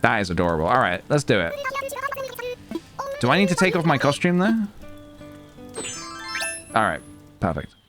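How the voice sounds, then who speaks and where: A chatty, giggly man commenting on his game as he plays, his voice bouncing between highs and lows. Game music runs clearly behind him throughout. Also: very animated, normal speed, pauses often. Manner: chatty, giggly, self-mocking. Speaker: streamer. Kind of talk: casual gameplay commentary.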